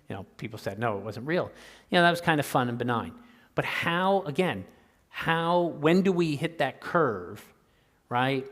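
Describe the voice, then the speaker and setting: A man's voice: medium pitch, a bit bright. An older man answering questions in a lecture, talking conversationally and often tagging "right?" onto his sentences. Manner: conversational, keeps asking "right?". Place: lecture hall. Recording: reverberant lecture hall.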